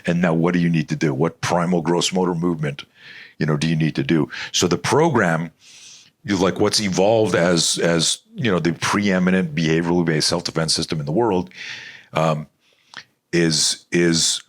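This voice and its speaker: A middle-aged man telling animated stories as a guest in an interview, rambling and restarting often. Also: sits low, normal speed. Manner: animated, rambling storyteller with frequent restarts and profanity. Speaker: self-defense expert guest. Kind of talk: storytelling interview talk.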